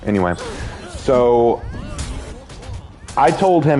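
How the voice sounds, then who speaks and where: A man's voice: mid-range voice, lively intonation, slow, pauses often, warm tone. An American man telling a long story to his viewers while playing a game, earnest and rambling, often restarting his sentences. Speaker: gaming YouTuber.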